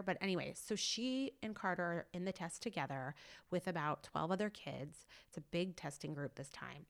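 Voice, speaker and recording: Woman podcast host, casual and gushing, rambling storyteller, low-ish pitch. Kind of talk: casual chat.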